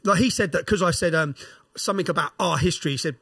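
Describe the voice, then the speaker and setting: A middle-aged man, a guest on a podcast, retelling events in a casual, animated way and acting out the voices of people he quotes. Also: on the high side, fast, breathy edge, no room sound. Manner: animated retelling, acts out quoted exchanges, tags lines with "yeah?". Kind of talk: casual storytelling interview.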